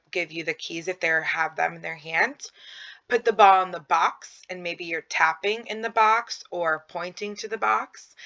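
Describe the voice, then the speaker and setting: A woman's voice: on the low side, sharp tone. A woman narrating a slideshow lesson on early child development, explaining with frequent ums and acting out simple prompts to a child. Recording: dull lo-fi audio.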